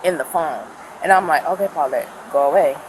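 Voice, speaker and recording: A woman, a friend of the victim, gives an animated retelling to police outdoors and acts out what people said. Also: sits low, brisk. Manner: animated retelling, acting out quotes. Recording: body cam audio with street noise.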